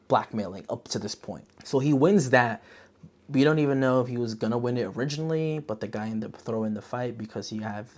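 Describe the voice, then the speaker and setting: Slangy rambling podcast host. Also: medium pitch. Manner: slangy, rambling, animated storytelling. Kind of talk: casual movie review chat.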